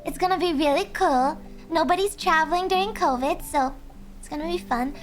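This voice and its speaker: Young woman streamer, very high soft voice, giggly, chatty, faint music underneath. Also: brisk. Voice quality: high voice, speaking softly. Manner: giggly, chatty, reads chat aloud. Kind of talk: casual chat with viewers. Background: faint background music.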